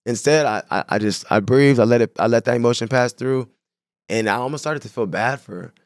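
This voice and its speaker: A man's voice: mid-range voice, brisk, no echo, studio quality. A young man from San Diego, a guest telling stories in a casual podcast interview, laid-back and full of slang. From San Diego, California. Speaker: guest, clothing brand owner.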